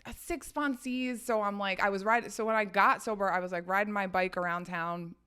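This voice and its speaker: A woman's voice: medium pitch, fairly even intonation, fairly quick, sharp tone, clean tone. A young woman telling stories in a podcast interview, candid and laughing often, swearing freely. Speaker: podcast guest. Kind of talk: casual storytelling.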